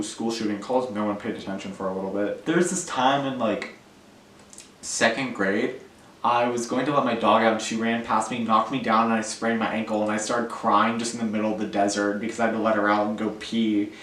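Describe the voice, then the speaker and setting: A teenage boy telling school stories in a rambling, self-deprecating way, full of "like" and "um". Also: medium pitch. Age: teens. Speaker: vlogger. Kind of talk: casual storytelling. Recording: echoey room, voice a little far from the mic.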